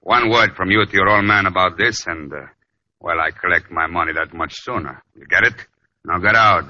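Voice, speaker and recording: Brief: a low, sneering radio gangster, menacing and smug, bright edge, dull old radio sound. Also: male voice, normal speed, full character voice. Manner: sneering, threatening. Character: menacing male gangster loan shark. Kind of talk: 1940s radio acting.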